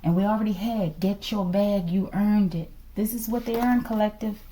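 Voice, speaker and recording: Animated woman reading tarot cards. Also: medium pitch, moderate pace, slight background noise. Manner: animated, calls out "collective" and "okay?" often. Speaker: tarot reader. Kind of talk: casual tarot reading to viewers.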